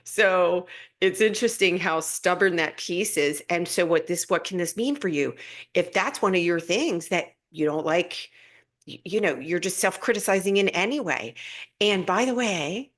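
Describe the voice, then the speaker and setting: A woman's voice: lowish voice, moderate pace. A woman hosting a live stream, giving a casual spiritual talk in an earnest, rambling way with frequent laughter and restarts.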